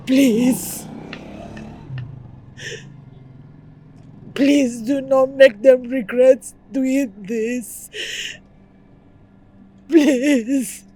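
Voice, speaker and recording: Distraught Nigerian wife pleading with a dead husband; slow, high, soft-toned, film soundtrack. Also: female voice, fairly even intonation, husky, full character voice. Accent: Nigerian English. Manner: pleading, sobbing between words. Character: anguished wife begging her husband's spirit. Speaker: actress. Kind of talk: film drama acting. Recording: film soundtrack, faint music behind.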